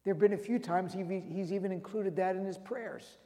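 Pastor, male, high and unhurried, dramatic storyteller, sanctuary reverb. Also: steady tone. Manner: dramatic, swings from loud to hushed. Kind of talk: sermon storytelling. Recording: long reverb of a large hall.

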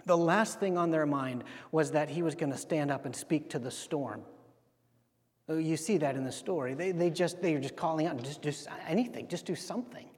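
A male pastor with a high voice delivers a sermon in a casual, talking-to-you way. He keeps asking rhetorical questions and briefly acts out the voices in the story. The sound rings with a long reverb, as in a large hall. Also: normal speed, darkish tone.

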